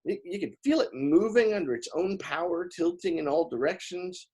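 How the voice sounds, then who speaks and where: A man reading a novel aloud in expressive first-person narration, with small slips along the way. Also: high-pitched, normal speed, husky. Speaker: audiobook reader.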